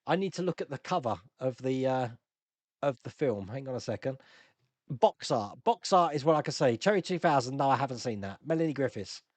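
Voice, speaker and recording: A man's voice: medium pitch, animated, fairly quick, no room sound. A man hosting a casual live-stream Q&A, chatting and laughing as he answers viewer comments.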